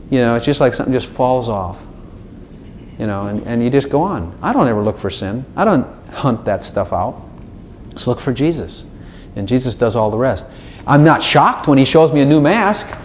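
A man's voice: medium pitch, a little hiss or hum. A man preaching a casual, conversational sermon, acting out his own prayers and God's replies in shifting voices. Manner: animated, acts out dialogues with God in shifting voices. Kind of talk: informal sermon.

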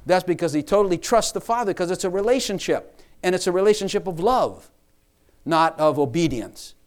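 Male preacher, fairly high voice, emphatic sermon delivery with repeated phrases. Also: expressive, fairly quick. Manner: emphatic, repeats and rephrases lines for stress.

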